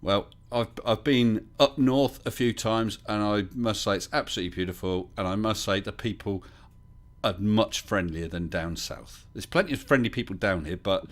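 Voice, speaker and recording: A middle-aged man hosts a casual livestream. His voice sits on the low side, and he rambles into anecdotes and reads viewer comments aloud in an easy, conversational way. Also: normal speed. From England. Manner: chatty storyteller, reads chat aloud. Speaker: livestream host.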